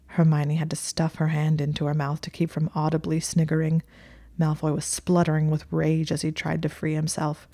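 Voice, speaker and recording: A woman's voice: low-pitched, monotone, moderate pace, mellow. A woman narrating a story in a dry, wry way.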